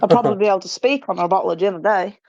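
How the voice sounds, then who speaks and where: A woman guest chats on a podcast in a loose, rambling way. She fills her pauses with ums and pokes fun at herself. The recording sounds a little dull and lo-fi. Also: mid-range voice, a little mellow. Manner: chatty, self-deprecating, many ums. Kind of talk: casual podcast chat. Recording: slightly muffled lo-fi sound.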